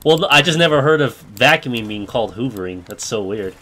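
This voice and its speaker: A man's voice: mid-range voice, lively intonation, fast, bright, forceful tone. A man bantering playfully in a casual gaming voice chat. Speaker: fellow gamer in voice chat.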